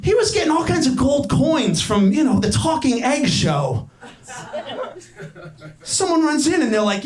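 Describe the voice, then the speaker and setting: A young adult man doing a stand-up comedy set, animated and incredulous, swearing freely. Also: very high-pitched, moderate pace, long pauses. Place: comedy club stage. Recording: roomy live club sound with crowd. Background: laughing audience.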